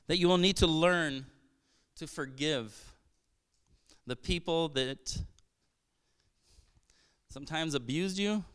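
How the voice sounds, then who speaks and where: A man from Brazil preaching to his congregation in a high, very clear voice. He talks earnestly and conversationally, restarting phrases and tossing out rhetorical questions. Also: a bit bright. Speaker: pastor. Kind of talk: sermon.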